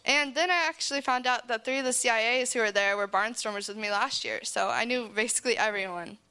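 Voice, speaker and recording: A woman's voice: fairly high pitch, fast, pushed and bright, clear, resonant tone. A teenage girl giving an earnest personal testimony about camp to a church audience, often saying "like" and laughing between phrases. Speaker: speaker sharing a camp testimony.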